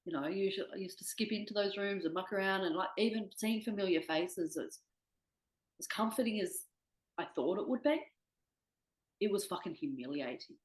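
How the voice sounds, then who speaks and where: A woman's voice: mid-range voice, expressive, moderate pace, roomy sound, low-quality recording. A young woman speaking candidly as an interview guest, swearing freely and quoting herself. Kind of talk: candid personal conversation.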